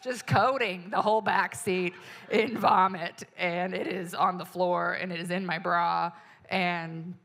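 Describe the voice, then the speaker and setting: A woman comedian from the United States telling a story on stage in an animated, exasperated way, acting out the people in it. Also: lowish voice, unhurried. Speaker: stand-up comedian. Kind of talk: stand-up storytelling. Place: stage in front of an audience.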